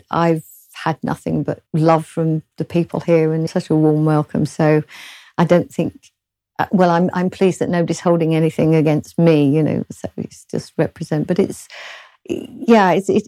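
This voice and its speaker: Soft-spoken woman with a southern English accent. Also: low-pitched, fairly even intonation, normal speed, no room sound. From southern England, London. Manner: soft-spoken, polite, hesitant. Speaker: author and guest. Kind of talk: casual interview chat.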